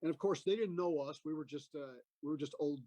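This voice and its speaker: A man's voice: fairly high pitch, brisk, warm tone, dry recording, low-quality recording. A man in his fifties, an army veteran guest, telling a war story in a rambling way with many fillers. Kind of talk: casual storytelling on a podcast.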